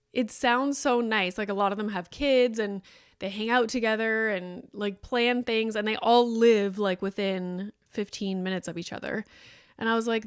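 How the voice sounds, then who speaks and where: A woman's voice: fairly high pitch, clear, resonant tone, no room sound, clean studio sound. A woman in her thirties hosting a podcast, telling a rambling personal story in casual chat with lots of "like". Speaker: podcast host.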